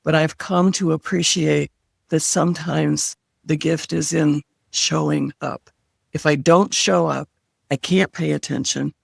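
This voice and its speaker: Gravelly older woman sharing wisdom. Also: sits low, fairly even intonation, unhurried, no echo, clean studio sound. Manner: reflective and earnest, sharing wisdom. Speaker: guest, former hospice chaplain. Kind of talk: interview conversation.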